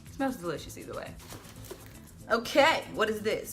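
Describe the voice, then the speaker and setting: A woman vlogging at home as she unboxes hair products, chatty and gushing with excitement. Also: mid-range voice, unhurried, pauses often. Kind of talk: casual unboxing vlog. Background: faint background music.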